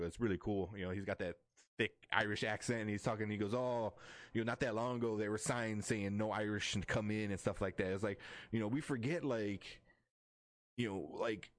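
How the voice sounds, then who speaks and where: A man in a casual chat about a movie, trailing off softly and filling gaps with "you know" and "like". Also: fairly low pitch, no echo, studio quality. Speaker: movie discussion co-host.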